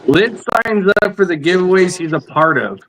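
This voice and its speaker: A man's voice: sits high, animated, normal speed, creaky, a bit bright, a little hiss or hum, low-quality recording. A man hosting a casual live chat, rambling and repeating himself as he talks shop. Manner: rambling with many repeats and restarts. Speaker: host.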